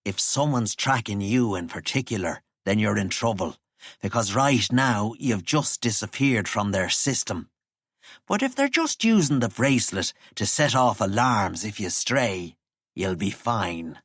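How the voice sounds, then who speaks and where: A measured, knowing man, as a narrator puts him on, wry and unhurried. The voice moves lively in pitch and sounds close and dry. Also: husky, no room sound, heavily acted. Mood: wry calm.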